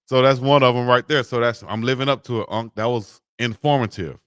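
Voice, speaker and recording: A man co-hosting a casual sports talk show, playful and quick to laugh. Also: medium pitch, fairly even intonation, a bit bright, smooth, dry recording, studio quality. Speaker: co-host.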